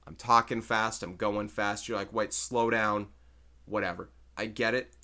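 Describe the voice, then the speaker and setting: A male math teacher talks his way through algebra problems for a recorded lesson. He chats casually and thinks aloud as he goes. His voice sits fairly low but sounds bright and forceful. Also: fairly even intonation, moderate pace. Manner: chatty, thinks aloud while solving problems.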